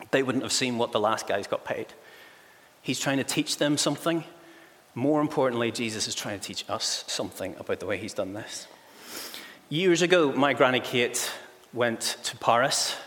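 A man preaching a sermon in a lively, humorous storytelling style, acting out the voices of the people in his stories. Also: mid-range voice, moderate pace. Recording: long echoey hall reverb.

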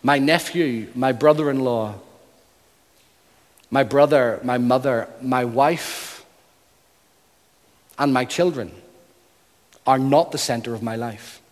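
A man's voice: mid-range voice, takes it slowly, long pauses. A man preaching a sermon in earnest, building emphasis through repeated phrases. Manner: earnest, emphatic, rhythmic repetition. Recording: long hall reverb.

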